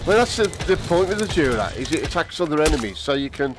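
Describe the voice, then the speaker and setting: A man's voice: fairly high pitch, sing-song, fast talker, background noise. A man commentating while playing a VR shooter, muttering and swearing at the enemies on a headset mic. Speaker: VR gamer streamer. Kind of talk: gameplay commentary. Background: game music.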